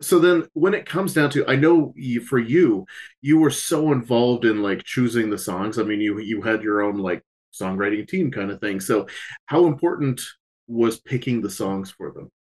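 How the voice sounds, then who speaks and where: A man's voice: mid-range voice, normal speed, a little mellow. A man interviewing a music manager, asking his questions in eager, searching phrasing. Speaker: interviewer, host.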